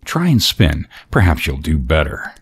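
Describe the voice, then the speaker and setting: A man's voice: a bass voice, big pitch swings, measured pace, husky, exaggerated voice. A man playing a blunt, scolding fiddler. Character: gruff, poor traveling fiddler, young man.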